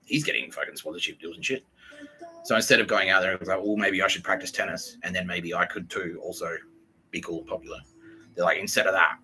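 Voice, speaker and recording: A man's voice: low-pitched, a little fast, pauses often, pushed and bright, slight background noise, poor audio. A man hosting a podcast, ranting in a sweary, rambling monologue. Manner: sweary, ranting, quotes people in put-on voices. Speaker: podcast host.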